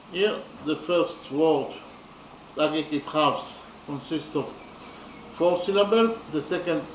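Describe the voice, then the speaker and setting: High-voiced guy, explaining verse meter slow and halting, roomy echo, mic a bit far off. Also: a little hiss or hum. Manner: halting, repeats words with many fillers. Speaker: lecturer.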